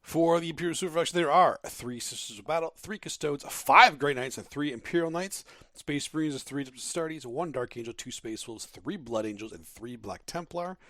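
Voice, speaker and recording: A man co-hosting a casual gaming podcast, excitable and joking in quick back-and-forth chat. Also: on the high side, no room sound, clean studio sound. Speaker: co-host.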